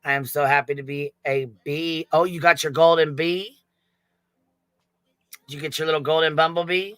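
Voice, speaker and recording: A man's voice: on the high side, steady tone, normal speed, fairly bright tone, smooth, no echo. A man hosting a casual livestream, swearing freely, giggling and thanking chat members. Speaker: livestream host.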